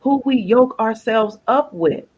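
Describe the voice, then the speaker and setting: On a faith broadcast, a woman with a slightly high, breathy voice and lively intonation tells an emotional story from her own life without hurrying. She uses plain conversational speech and religious phrasing, quoting dialogue and repeating phrases. The recording is muffled.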